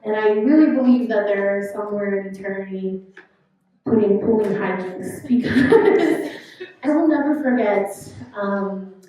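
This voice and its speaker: A woman's voice: medium pitch, a little slow, warm tone, slight background noise. A woman giving a fond, chatty memorial tribute. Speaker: eulogy speaker. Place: country club function room. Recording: echoey room, distant mic.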